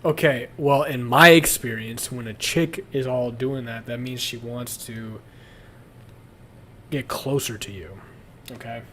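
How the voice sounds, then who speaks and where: A man's voice: medium pitch, measured pace, pushed and bright, a little hiss or hum. A young man chatting casually on a livestream, crude and rambling, often breaking into laughter. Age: young adult. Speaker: streamer.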